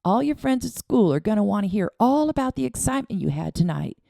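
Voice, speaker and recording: An aunt with a much higher, lively voice than the narration, anxious under her soothing, as a woman reads her in an audiobook. Close, dry sound. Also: quick pace, gravelly, dry recording, heavily acted. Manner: soothing, then panicked. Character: frantic aunt, a young woman caring for children.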